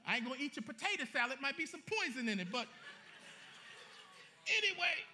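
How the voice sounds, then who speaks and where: A man preaching a sermon as pastor, animated and colloquial, joking with his congregation. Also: extremely high pitch, a little fast, a little hiss or hum.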